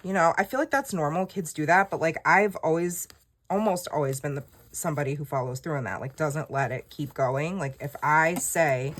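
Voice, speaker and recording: A woman's voice: low voice, moderate pace. A woman, telling a personal story in casual chat while journaling, candid and rambling, acting out quoted dialogue. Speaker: journaling creator.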